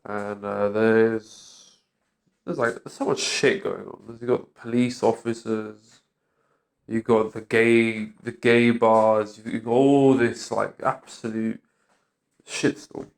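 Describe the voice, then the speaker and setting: A man with a gravelly, creaky voice talking in a bitter, agitated vlog rant. He swears freely and sounds worn out and fed up. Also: fairly low pitch, fairly even intonation, slow. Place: London street.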